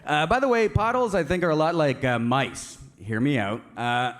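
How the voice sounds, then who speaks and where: A man's voice: a little high, moderate pace, a bit bright. A Canadian man doing live stand-up comedy for a seated audience, rambling and full of fillers and restarts.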